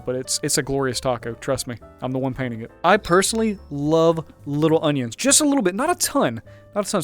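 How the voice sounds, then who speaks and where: A man hosting a gaming channel, giving upbeat, jokey running commentary while he plays. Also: mid-range voice. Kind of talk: casual gameplay commentary.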